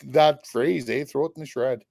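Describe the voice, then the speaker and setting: A man from Quebec chatting casually on a livestream with dry, deadpan humor. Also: medium pitch, moderate pace, creaky, crowd noise. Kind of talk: casual chat.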